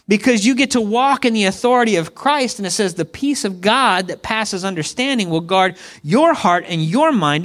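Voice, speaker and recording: A man's voice: high voice, a bit bright. A middle-aged man preaching a conversational sermon, calling on the congregation to respond to him. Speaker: pastor.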